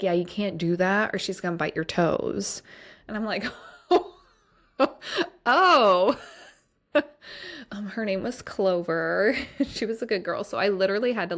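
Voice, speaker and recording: A woman's voice: lowish voice, vocal fry. A woman hosting a solo podcast, talking in a casual, rambling way with many fillers. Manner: chatty, rambling, heavy use of fillers like "like" and "um". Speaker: podcast host.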